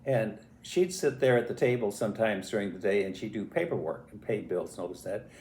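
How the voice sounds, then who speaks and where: An older man telling a family story in a casual, animated way, acting out voices and sounds as he goes. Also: lowish voice, a little fast, slight background noise. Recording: roomy echo.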